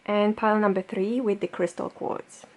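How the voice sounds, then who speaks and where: A woman speaks to her viewers as a tarot reader, pitched in the middle for a woman. She is chatty and loose, and she fills her sentences with little fillers. Her tone is gentle and reassuring as she talks straight to the camera. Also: fairly even intonation, normal speed. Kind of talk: pick-a-card tarot reading to camera.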